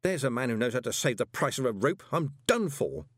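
A man's voice: mid-range voice, big pitch swings, brisk, dry recording, clean studio sound. A man voicing a theatrical, easily panicked young male conman. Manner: screaming, theatrical.

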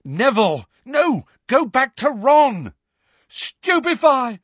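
A man voicing a frightened but defiant teenage boy who shouts in strained desperation. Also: very high voice, sing-song, slow pace, slightly rough, dry recording, lo-fi sound, pitched above the performer's own voice, heavily acted. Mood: shouting defiant.

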